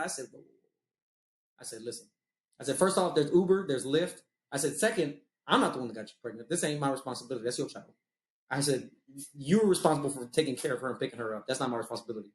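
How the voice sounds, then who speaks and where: A man's voice: a little high, reverberant. A man telling loose, profane stories in casual chat, laughing at his own jokes. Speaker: podcast host.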